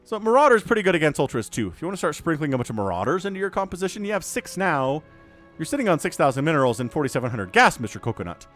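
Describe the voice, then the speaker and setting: A man calls a strategy game match on his own, in an excitable play-by-play with jokey asides. His voice sits a touch high and swings up and down constantly. Faint music runs underneath. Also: racing. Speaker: esports shoutcaster. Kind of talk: solo game commentary.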